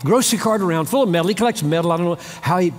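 A man's voice: high-pitched, rapid-fire, long reverb tail. A man preaching a sermon. He speaks with emphasis, repeats key phrases, and acts out short exchanges between people. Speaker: pastor.

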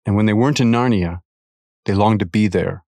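A man reading a devotional article aloud, earnest and measured, with careful emphasis. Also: lowish voice, darkish tone, no echo.

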